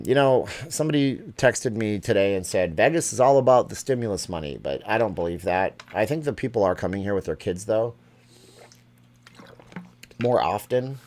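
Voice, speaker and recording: A man's voice: fairly low pitch, a little mellow. A middle-aged man hosting a casual live stream, reading out viewer questions from the chat and answering them offhand.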